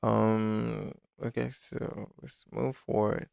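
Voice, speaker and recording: A man's voice: on the low side, level tone, slow pace, vocal fry, darkish tone, smooth, no room sound, studio quality. A man hosting a casual live-stream design tutorial, talking loosely and thinking aloud with many fillers. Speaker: design instructor.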